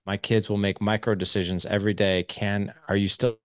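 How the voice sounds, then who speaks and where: A man in his forties speaks as a parenting coach on a podcast, casual and animated, often slipping into quoted dialogue. His voice sits very low. The sound is close and dry, with no room around it. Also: brisk, clean tone, no room sound. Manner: energetic, acts out quoted dialogue; casual, swears lightly. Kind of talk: casual interview conversation.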